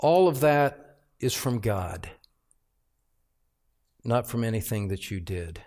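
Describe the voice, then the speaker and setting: In a church sanctuary, a male pastor with a mid-range voice preaches an expository sermon. He is emphatic, repeats phrases, and swings from hushed asides to loud outbursts.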